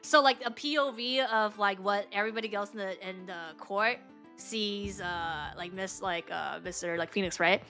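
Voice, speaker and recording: A woman's voice: mid-range voice, moderate pace, pushed and bright, soft background music. A woman streaming a game, reading its dialogue aloud and chatting in a rambling, filler-heavy way, laughing often. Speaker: VTuber streamer.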